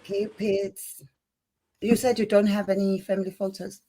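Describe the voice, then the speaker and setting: A woman interviewing a guest in a relaxed chat, asking questions and responding encouragingly. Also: medium pitch, moderate pace.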